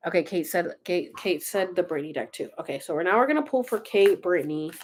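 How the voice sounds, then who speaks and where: A woman's voice: fairly low pitch, lively intonation, fast talker, slight background noise. A woman hosting a casual livestream, chatting with viewers, swearing and laughing as she pulls oracle cards and reads them aloud. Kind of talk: casual livestream chat with card readings.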